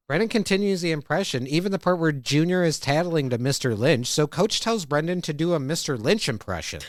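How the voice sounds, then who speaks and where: A podcast host with a mid-range voice casually recaps a cartoon episode, retelling scenes and acting out the quoted lines. He's recorded dry on a studio mic.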